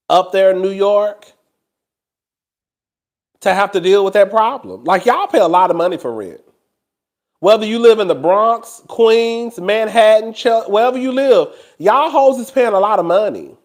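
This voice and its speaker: A man talks casually to camera as a host. His delivery is animated and gossipy, full of laughter and asides to the listener. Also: high voice, normal speed. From Houston, Texas. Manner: animated and gossipy, laughs often, addresses listeners as "girl" and "child".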